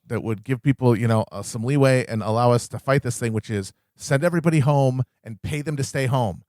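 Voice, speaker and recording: A man's voice: mid-range voice, a little fast, hardly any pauses, darkish tone, no room sound, studio quality. A man co-hosting a podcast, talking politics in a wry, profane way that builds to emphatic peaks. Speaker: podcast co-host. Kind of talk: casual political chat.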